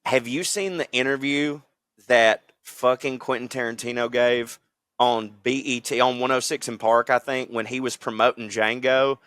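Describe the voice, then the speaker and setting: A man co-hosting a podcast, bantering in quick, profane casual chat. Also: mid-range voice, steady tone, a bit bright, clear, resonant tone, dry recording. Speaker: podcast co-host.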